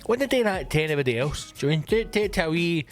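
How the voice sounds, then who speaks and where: A man's voice: fairly high pitch, quick pace, soft background music. A Scottish man hosting his own comedy podcast, telling stories in a sweary, ranting monologue. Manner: sweary, ranting, animated storytelling. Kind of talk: casual comic monologue.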